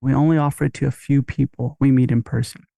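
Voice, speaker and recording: Gravelly upbeat man coaching marketing. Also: mid-range voice, little pitch movement, quick pace, dark tone, no echo, clean studio sound. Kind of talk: podcast marketing lesson.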